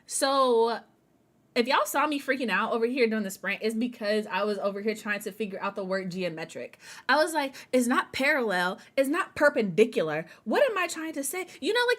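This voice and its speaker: A woman's voice: high-pitched, a bit bright. A woman hosting a writing sprint livestream, wired on caffeine, chatty and hyper, laughing often and talking to her viewers as y'all. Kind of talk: casual livestream chat.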